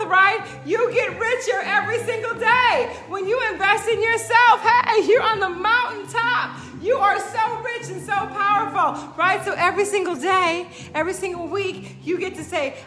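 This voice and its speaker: Very high, bright-voiced upbeat fitness host. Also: female voice. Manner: upbeat and emphatic, tags lines with "right?", repeats phrases; greets viewers by name mid-talk. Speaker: fitness instructor hosting a live workout stream. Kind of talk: motivational live-stream talk.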